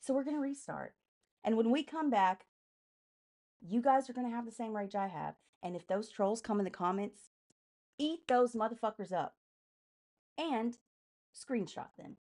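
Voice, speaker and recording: A woman's voice: mid-range voice, darkish tone. A young woman live streaming, ranting about politics in a heated, enraged voice full of swearing. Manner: heavy swearing, fast and heated. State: enraged, agitated.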